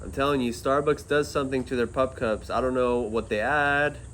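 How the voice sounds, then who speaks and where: A man's voice: medium pitch, fairly even intonation, normal speed, a bit bright, a little hiss or hum. A man vlogging casually about getting pup cups for his parrot and dog, talking playfully to his pets. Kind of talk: casual vlog chat.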